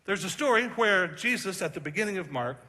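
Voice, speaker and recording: A man preaching a sermon as pastor, animated and joking with the congregation, slowing down for emphasis. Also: high voice. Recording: hall reverb.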